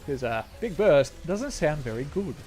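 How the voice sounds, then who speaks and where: A man's voice: on the high side, big pitch swings, normal speed, a little mellow, soft background music. A young Australian man chatting casually with viewers while streaming a game, rambling and correcting himself as he goes. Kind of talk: casual gaming chat.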